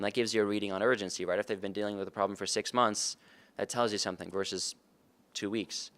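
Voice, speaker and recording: Conference speaker, male, low smooth voice, earnest and conversational. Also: fairly even intonation, fast talker, fairly bright tone. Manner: earnest, conversational, addresses audience with questions. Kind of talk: conference talk. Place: conference room.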